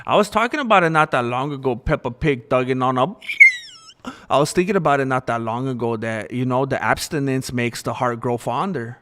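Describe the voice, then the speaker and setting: A man's voice: medium pitch, brisk, fairly bright tone, slight background noise. A young man hosting a livestream, talking candidly and rambling in casual chat with viewers. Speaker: livestream host.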